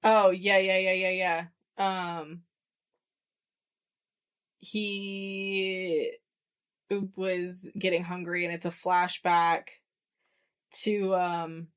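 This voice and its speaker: A woman's voice: lowish voice, level tone, drawn-out words, long pauses, smooth. Woman, book club podcast co-host, casual chat, retells scenes in quoted dialogue, swears freely.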